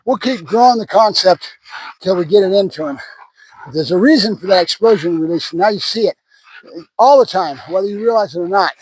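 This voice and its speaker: A man's voice: high voice, brisk, husky, no echo, rough recording. A man who trains dogs, talking casually to the camera outdoors between words of praise to a puppy. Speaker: dog trainer.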